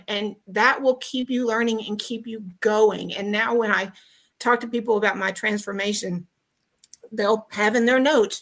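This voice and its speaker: A woman's voice: medium pitch, steady tone, measured pace, fairly bright tone. A woman from Texas calling in to a podcast over video, giving a heartfelt, grateful testimonial with many ums and restarts. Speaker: guest caller.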